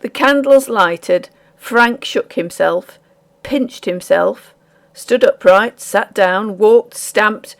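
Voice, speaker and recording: Slow gravelly woman narrator. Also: mid-range voice. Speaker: audiobook narrator. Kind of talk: scripted narration.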